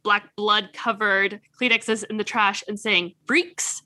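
Bright woman co-host, dry close sound, chatty episode recap, animated asides. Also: medium pitch, takes it slowly, no echo. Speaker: podcast co-host. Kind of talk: casual chat recapping a TV episode.

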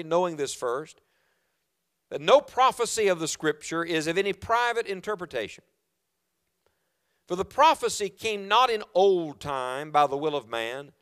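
A man preaching to his congregation with a smooth, resonant voice set a little high. He swings between hushed, slow reading and loud, urgent exhortation, often stopping to put questions to the church. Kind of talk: sermon. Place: church auditorium.

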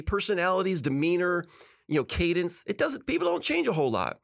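A man's voice: on the high side, big pitch swings, fairly quick, creaky. A middle-aged man hosting a talk, giving earnest, emphatic relationship advice and laughing often. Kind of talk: casual motivational talk.

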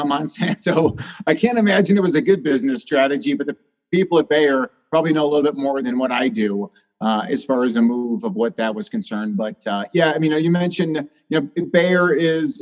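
A man's voice: on the high side, brisk, darkish tone. A male doctor, a guest on a podcast, talking emphatically with many fillers. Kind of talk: interview talk. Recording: slightly dull, lo-fi sound.

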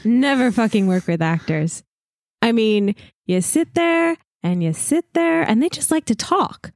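A woman riffs in a chatty comedic monologue, sounding exasperated. Her voice is a little higher than most women's. The sound is dry and close. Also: expressive, measured pace, no echo. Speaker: player.

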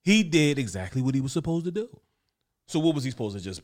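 A man's voice: medium pitch, quick pace. A man in casual chat, talking emphatically and with a lot of profanity. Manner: emphatic, profane, animated storytelling.

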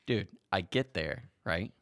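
A man co-hosting a podcast, telling a long story in an animated way and swearing freely. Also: low voice, takes it slowly, dry recording, clean studio sound. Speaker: podcast co-host. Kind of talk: casual storytelling chat.

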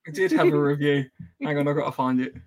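A man co-hosting a podcast over a video call, jokey and quick to laugh. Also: on the high side, steady tone, darkish tone. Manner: jokey, giggly. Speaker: podcast co-host. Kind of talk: casual chat.

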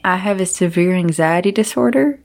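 A woman's voice: fairly low pitch, animated, normal speed, creaky, darkish tone. Tipsy woman rambling on her podcast, swears a lot, keeps laughing. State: tipsy from drinking. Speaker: podcast co-host. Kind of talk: casual chat.

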